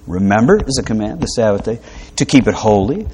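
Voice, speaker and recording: A man's voice: lowish voice, expressive, a little fast, darkish tone, slightly rough. A man delivering a sermon as a preacher, teaching in a conversational way with asides, light humor and rhetorical questions. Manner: frequent fillers and restarts, rhetorical questions.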